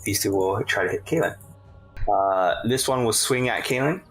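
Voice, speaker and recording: A man acting as game master in a tabletop role-playing game, narrating casually with many pauses and laughs. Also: lowish voice, slightly rough, faint music behind, poor audio. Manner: casual, hesitant with fillers, laughs often.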